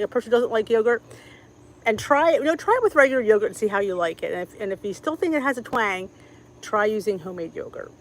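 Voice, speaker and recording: A woman's voice: mid-range voice, slight background noise, poor audio. A middle-aged woman with a Philadelphia accent, chatting casually on a live stream from home and greeting viewers by name. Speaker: cooking channel host.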